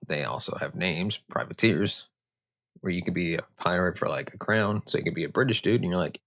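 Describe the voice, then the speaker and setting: Sitting low in pitch, a little fast, and a bit bright, this podcast host's voice carries a casual retelling of history. He goes off-script often, tossing in sarcastic jokes along the way.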